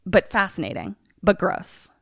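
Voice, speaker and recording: A young woman podcast co-host recapping a movie in casual, animated, profane storytelling. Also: fairly low pitch, a little slow, creaky.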